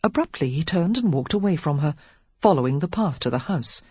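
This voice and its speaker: Husky, expressive woman narrator. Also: sits low, brisk, dry recording, muffled recording. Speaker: audiobook narrator. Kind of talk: scripted narration.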